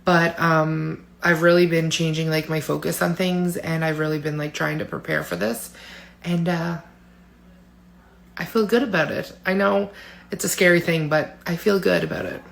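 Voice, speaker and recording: A woman's voice: deep voice, normal speed, gravelly. A woman in her forties vlogging to camera, candid and emotional, with frequent fillers and small laughs. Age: 40s. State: tearful at times. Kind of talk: personal vlog talking to camera.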